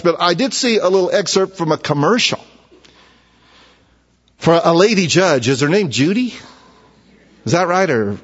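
A man's voice: fairly high pitch, husky. A man preaching a sermon as pastor, conversational, with rhetorical questions and repeated words. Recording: dull, echoey church hall recording.

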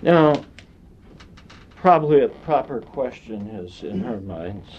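A man preaching a sermon in a slow, deliberate way, with long pauses between phrases. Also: medium pitch, lively intonation, slight background noise. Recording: dull lo-fi sound.

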